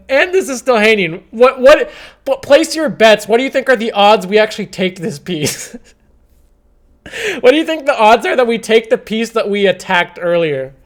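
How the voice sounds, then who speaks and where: A man's voice: high-pitched, animated, moderate pace. Exasperated young man streaming chess. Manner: exasperated, swings between shouting and mumbling. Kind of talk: live stream commentary.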